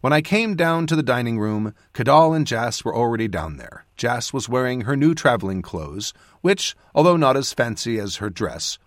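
A man's voice: mid-range voice, no echo, clean studio sound. Man narrating a fantasy audiobook. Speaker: author and narrator.

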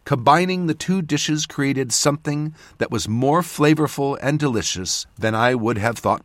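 A man narrating a fantasy audiobook in the first person with expressive storytelling. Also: mid-range voice, normal speed, few pauses, dry recording, clean studio sound.

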